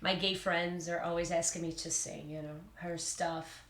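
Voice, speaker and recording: A woman's voice: lowish voice, level tone, normal speed, a bit bright. A woman hosting a casual podcast interview, enthusiastic, swearing casually and laughing often. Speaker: podcast host. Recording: roomy echo.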